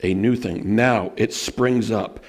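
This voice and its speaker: A man preaching a sermon as pastor, telling personal stories in an earnest way and slowing down to stress scripture. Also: on the low side, steady tone, a little mellow. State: emotional at moments.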